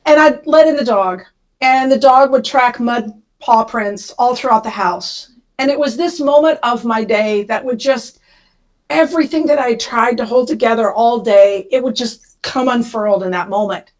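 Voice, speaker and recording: Woman telling a personal story, slightly high. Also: poor audio. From Kansas. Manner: emotional, speeds up when retelling panic. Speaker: podcast guest.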